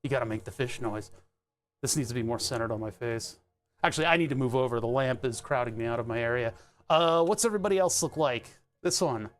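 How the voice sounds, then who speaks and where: A man's voice: mid-range voice, fast. A man casually rambling and joking on a stream from his home workbench, sardonic and full of restarts. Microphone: desk webcam setup.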